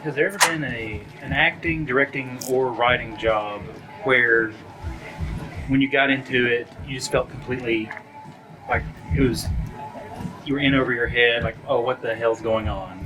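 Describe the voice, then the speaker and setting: Halting man asking a press question. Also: medium pitch, steady tone, poor audio. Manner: halting, rephrasing as he goes. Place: convention press room. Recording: music playing in the background.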